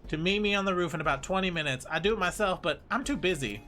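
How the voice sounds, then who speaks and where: A man voicing a folksy country bumpkin police officer with a put-on Southern US drawl, slow and friendly. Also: sits high, pushed and bright, faint music behind. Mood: conspiratorial.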